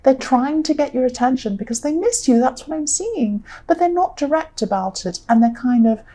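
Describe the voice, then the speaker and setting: A tired woman with a croaky voice, giving a rambling tarot reading and repeating herself often. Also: high voice, animated, normal speed, mellow. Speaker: tarot reader.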